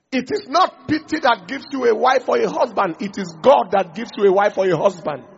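A man preaching a sermon in an animated way, acting out small dialogues and asking the congregation questions. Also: sits high, fairly quick, gravelly, few pauses, slightly rough, dull audio. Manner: animated, acts out little dialogues, asks the audience questions.

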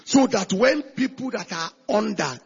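A male pastor preaching a sermon with emphasis, shifting between shouted lines and hushed asides. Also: sits high, expressive, unhurried, vocal fry, husky, lo-fi sound.

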